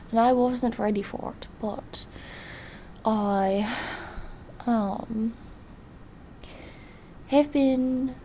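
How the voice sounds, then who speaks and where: A young woman voicing an earnest, lonely diarist who confides in her viewers in a hesitant, soft-spoken way, often drifting into whispers. Her voice sits at a middle height, and she talks slowly with long pauses. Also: mid-range voice, slight background noise, poor audio. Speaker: diary vlogger character. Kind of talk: in-character diary vlog.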